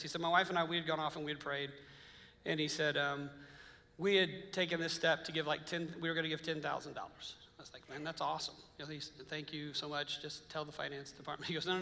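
A pastor preaching in a casual, storytelling way, slipping into quoted conversations as he goes. His voice is a man's, on the higher side and bright with some push behind it. The sound rings out with the long reverb of a large hall. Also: vocal fry. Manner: casual, anecdotal, quotes others in dialogue.

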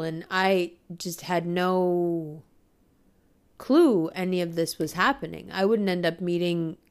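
A woman with a smooth voice on the low side shares a personal story in a casual monologue. She is emphatic and animated, swearing freely as she talks.

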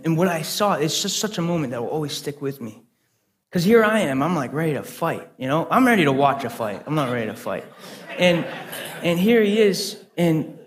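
A young man with a slightly higher than usual voice preaches in an earnest, conversational way. He tells his stories with lots of halting restarts, then presses each point home with conviction. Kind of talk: sermon with personal stories.

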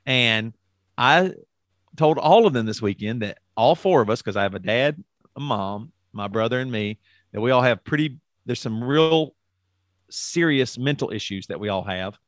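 A man's voice: mid-range voice, lively intonation, normal speed, dry recording. A middle-aged man co-hosting a podcast, talking frankly and at length in casual chat, swearing and restarting his sentences often. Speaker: podcast co-host.

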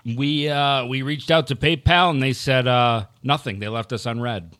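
A man's voice: mid-range voice, normal speed, fairly bright tone. A man co-hosting a podcast, reading viewer messages aloud and joking in casual chat. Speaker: podcast co-host reading super chats.

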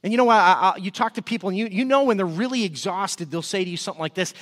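Man, pastor, sermon, high voice, echoing hall reverb. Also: fast, few pauses. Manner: energetic, repeats words when excited. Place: church service.

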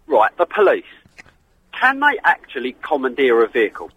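A man's voice: mid-range voice, huge pitch swings, normal speed, fairly bright tone, breathy edge, rough recording. A man calling into a radio phone-in, easygoing and laughing along with the host. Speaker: caller. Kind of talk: phone-in call.

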